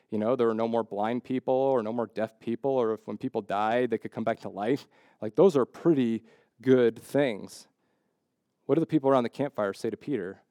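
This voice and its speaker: A man's voice: mid-range voice, a little mellow, no echo, studio quality. A man preaching a sermon in a conversational way, often checking in with "right?" and acting out the voices in the stories he tells. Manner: acts out quoted voices in the stories.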